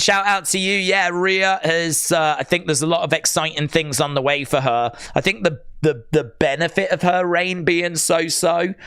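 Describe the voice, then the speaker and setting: Brief: male stream host, rambling and excitable, smooth resonant voice on a dry close mic. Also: fairly high pitch, no echo. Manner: excitable, rambling, answers chat messages. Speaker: live stream watch-along host. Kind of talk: casual live-stream chat.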